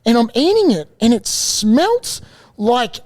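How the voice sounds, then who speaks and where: A man co-hosting a podcast, telling a long story in a lively, laughing, sweary way. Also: very high voice, takes it slowly. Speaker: podcast co-host. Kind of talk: casual storytelling chat.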